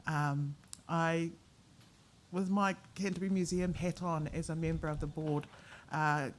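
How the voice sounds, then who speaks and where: Speaking for a museum board, a woman with a New Zealand accent gives a formal ceremonial speech in a low, fairly even voice, with a little hiss or hum. Her delivery is measured, mixing oratory with wry, joking asides.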